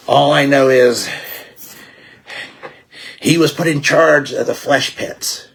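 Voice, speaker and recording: A man's voice: medium pitch, creaky, breathy edge, heavily acted. A man voicing a frightened, rambling informant from a ruined mining folk in a tabletop game. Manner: agitated, half-shouted, rambling.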